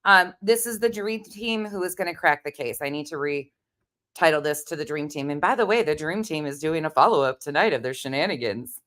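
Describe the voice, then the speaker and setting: A woman's voice: deep voice, lively intonation, a little fast, a bit bright. A woman hosting a casual chat, sarcastic and swearing freely as she reacts. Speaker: host reacting to a video call.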